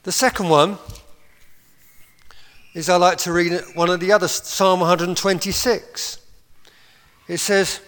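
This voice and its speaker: High-voiced pastor preaching in a hall. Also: male voice, steady tone, a little slow, pauses often, a bit bright. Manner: impassioned preaching, laughs between points. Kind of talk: sermon. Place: church hall. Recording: long hall reverb.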